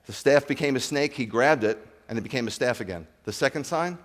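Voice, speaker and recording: A man preaching a sermon as a rabbi, animated, acting out dialogue and asking his congregation questions. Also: mid-range voice, brisk, big-room sound. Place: congregation hall.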